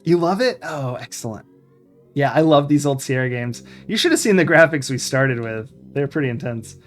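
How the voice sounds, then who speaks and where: A retro-game streamer chatting casually through a live playthrough, mid-pitched and relaxed. The streamer reads the game's text aloud and drops in offhand reactions, while faint game music plays in the background. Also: normal speed. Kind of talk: live let's-play commentary.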